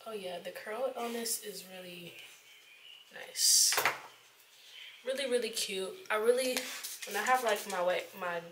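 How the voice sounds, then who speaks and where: A woman's voice: mid-range voice, measured pace, pauses often, noisy background. A woman in her twenties from Atlanta, talking casually and upbeat in slangy chat for her vlog. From Atlanta, Georgia. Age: 20s. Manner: chatty, upbeat, loose slang. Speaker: vlogger.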